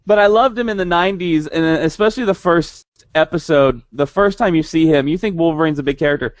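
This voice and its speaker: A man's voice: fairly high pitch, quick pace, few pauses, no echo. Young guy rambling on a podcast, keeps restarting, upbeat. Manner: rambling, animated, with many restarts. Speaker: podcast co-host. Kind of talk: casual chat.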